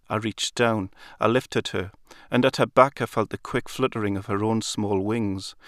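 A man reading a literary story aloud in a calm, measured storytelling manner. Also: lowish voice, no room sound, clean studio sound. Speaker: narrator. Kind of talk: literary audiobook narration.

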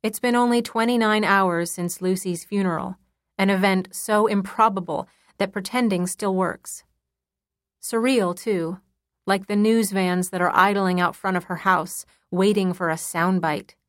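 A woman reading a first-person novel aloud in a measured, intimate storytelling manner. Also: medium pitch, steady tone, no echo, clean studio sound. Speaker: audiobook narrator. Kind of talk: first-person audiobook narration.

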